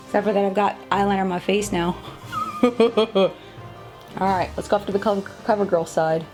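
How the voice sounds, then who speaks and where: A woman in her thirties chats through a makeup review at home, quick to laugh at her own mistakes. Her voice sits at an ordinary middle pitch, with faint music under it. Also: fairly even intonation, a little mellow. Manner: chatty and self-deprecating, laughs often. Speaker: beauty vlogger.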